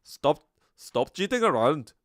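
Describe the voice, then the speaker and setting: A man putting on an exaggerated Indian accent as a comic scolding character, loud and jokey. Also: on the high side, sing-song, slow, no room sound, clean studio sound, pitched above the performer's own voice. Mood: mock scolding.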